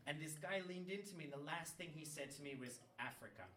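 A man with a bright, ringing tone tells a story in loose, animated chat, cursing often and breaking into laughter. His voice sits a little high for a man. He sounds set back from the mic in an echoey room. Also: quick pace. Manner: animated, swears freely, laughs mid-story. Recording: roomy sound from a distant mic.

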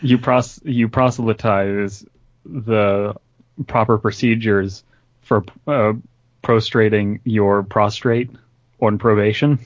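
A man's voice: fairly low pitch, steady tone, takes it slowly, no echo, poor audio. A man co-hosting a casual podcast, tossing out wordplay and wisecracks. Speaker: podcast co-host.

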